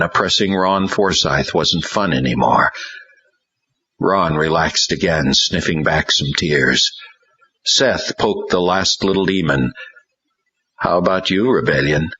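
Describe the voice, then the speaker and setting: Deep husky male narrator, slow dramatic audiobook read, dull lo-fi audio. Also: sharp tone. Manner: dramatic storytelling. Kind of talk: scripted narration. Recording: dull lo-fi recording.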